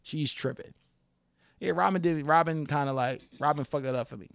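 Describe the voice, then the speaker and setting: A young man hosting a casual podcast, telling stories in an animated, profane, joking way. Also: fairly high pitch, quick pace, vocal fry, no echo. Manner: animated, profane, jokey storytelling. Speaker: podcast host.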